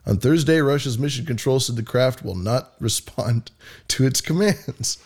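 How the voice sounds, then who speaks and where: A man's voice: mid-range voice, normal speed, a little mellow, husky. Male podcast host, mid-range voice, loose and jokey, swears freely, reads news aloud. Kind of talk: casual chat, reading news aloud.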